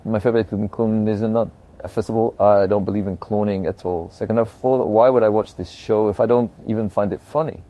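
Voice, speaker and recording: A man's voice: lowish voice, fairly even intonation, brisk, warm tone, lightly acted. An AI voice of a man playing a crude, sarcastic, irritable streamer. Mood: whiny. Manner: swearing, sarcastic, whiny.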